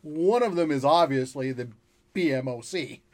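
A man in casual movie talk, measured and analytical, with frequent halting restarts. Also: on the high side.

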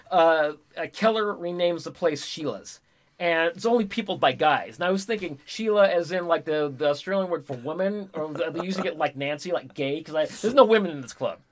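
Excitable, higher-voiced profane man. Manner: profane, excitable, laughs and shouts while retelling scenes. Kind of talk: casual movie review chat.

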